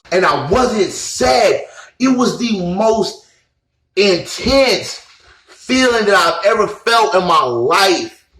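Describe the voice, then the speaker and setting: A man's voice: sits high, big pitch swings, takes it slowly, fairly bright tone. A man telling a personal experience in a rambling, earnest way, full of fillers and restarts. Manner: earnest, emotional. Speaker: vlogger. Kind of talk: casual personal storytelling. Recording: echoey room.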